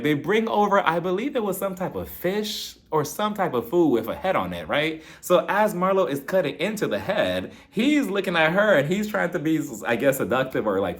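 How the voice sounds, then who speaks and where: A man casually reviewing a reality TV episode, acting out quotes and laughing often. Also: on the high side. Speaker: TV recap reviewer.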